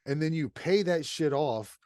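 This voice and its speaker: A man with a slightly high voice tells a story in a loose podcast chat, cursing freely and working himself up. The sound is dry and close, with little room echo. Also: expressive, unhurried, darkish tone. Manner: profane, heated storytelling. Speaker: podcast co-host. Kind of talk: casual chat.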